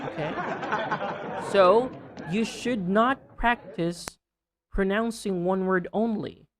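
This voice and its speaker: A man teaching English pronunciation in a casual video lesson, repeating sounds slowly and with exaggerated care, with chatty asides. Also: high-pitched, a faint crowd, a little hiss or hum. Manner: slow, over-articulated modelling of sounds, chatty asides. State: sweating under a panda hoodie hat.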